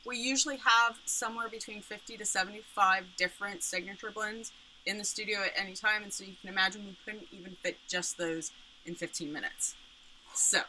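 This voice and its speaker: Woman showing off her yarn stuff, lots of ums, super bright voice, bit of ambient noise. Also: medium pitch, poor audio. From Pittsburgh area. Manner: explanatory, with frequent ums. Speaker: yarn business owner presenting products. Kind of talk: product presentation. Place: home studio, indoors.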